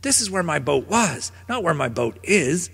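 A small, earnest male dog who fancies himself a sea captain, yipping his words out high above a plain speaking voice, as a man puts him on for a storybook. The voice is a little husky, and a long reverb trails after each line. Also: very animated, normal speed, a bit bright, exaggerated voice. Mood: indignant.

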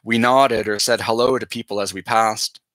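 A male teacher reading a novel aloud to his class in a steady, measured voice. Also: fairly low pitch, no room sound.

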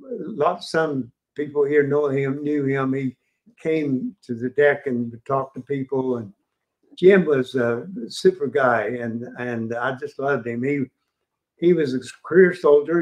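An older man with a West Virginian accent giving an informal history lecture at a museum, halting with many fillers and restarts. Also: medium pitch.

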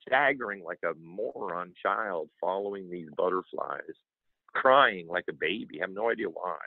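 Deep gravelly man on a tinny line. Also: moderate pace, no room sound. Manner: earnest, animated, acts out quoted dialogue. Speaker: interview guest, author. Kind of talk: emotional personal storytelling.

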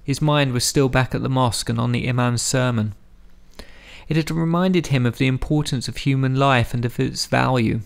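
A man narrating an audiobook in a steady, measured storytelling manner. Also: mid-range voice, vocal fry, smooth.

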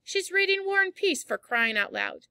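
A woman's voice: very high-pitched, big pitch swings, normal speed, bright, forceful tone, dry recording, voice pushed up, exaggerated voice. A woman reading a novel aloud, voicing an impatient, teasing father in her own voice. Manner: impatient, firm.

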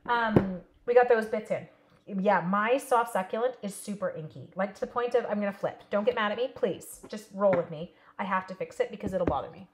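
A woman's voice: mid-range voice, a little fast, slight background noise. A woman teaching a live card-stamping class in a casual, chatty way, talking to her viewers by name. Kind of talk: casual live craft demo.

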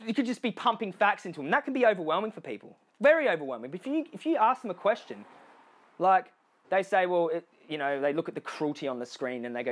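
Animated Australian man giving a speech. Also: high-pitched, fast talker. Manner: animated, addresses the audience directly with frequent "okay?" and "you know"; acts out other people's lines in changed voices. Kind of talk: motivational live speech.

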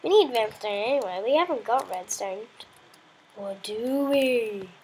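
A woman's voice: fairly high pitch, lively intonation, measured pace, darkish tone, slight background noise. A woman giving casual, rambling gameplay commentary as the host of her own let's play, chatting playfully and talking to the animals in her game.

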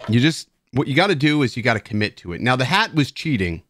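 This streamer's mid-range voice is sing-song, fast and fairly bright, with a bit of background noise. Drinking beer at his streaming desk with a headset on, he's tipsy and playful, rambling casually and mocking himself for the audience.

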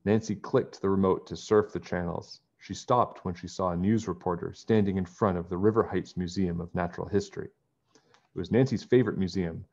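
A man reading a children's chapter book aloud in a friendly, expressive storytelling manner, on a dull lo-fi recording. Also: low-pitched, fairly quick. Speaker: storybook reader.

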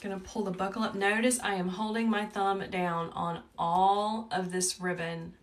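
A woman with a Southern US accent hosting a live wreath-making tutorial, chatty and talkative, with a calm, soothing voice. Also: mid-range voice, normal speed. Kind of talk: live crafting tutorial chat. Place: home wreath workshop. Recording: a bit distant from the mic, faint background noise.

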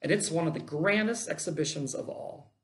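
A pastor preaching a sermon, reading a long scripture passage aloud with dramatic pitch swings and slowed phrases. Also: fairly bright tone.

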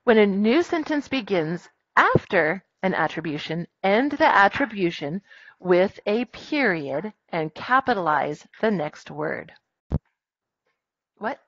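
A woman teaching a grammar lesson in a classroom, brisk and firm with her students as she dictates punctuation aloud. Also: medium pitch, big pitch swings, fairly bright tone, no echo, lo-fi sound.

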